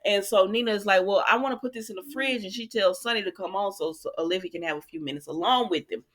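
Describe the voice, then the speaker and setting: A woman's voice: medium pitch, fast talker. Chatty woman recapping a soap. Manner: chatty, talks straight to viewers, quotes characters, adds her own asides. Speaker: soap opera recap host. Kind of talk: casual chat, recapping a TV episode.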